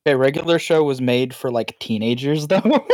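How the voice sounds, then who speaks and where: A man co-hosting a podcast, teasing the others with deadpan jabs in casual chat. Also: mid-range voice, moderate pace. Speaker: podcast co-host.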